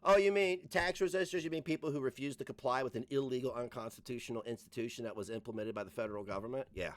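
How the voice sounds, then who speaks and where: A man's voice: mid-range voice, quick pace, dry recording. A man streaming, riffing crudely and jokingly over old commercials.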